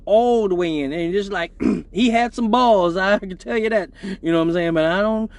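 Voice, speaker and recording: High-voiced man telling a wild story. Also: moderate pace, no room sound. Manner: loose, profane, laughing, with many repeats. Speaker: exotic dancer hosting a weekly live show. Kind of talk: casual storytelling on a livestream.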